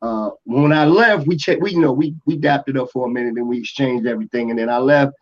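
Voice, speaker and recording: A music producer from Atlanta telling a rambling story in a casual interview, full of restarts and fillers. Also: male voice, medium pitch, fast talker. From Atlanta, USA. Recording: dull lo-fi podcast audio.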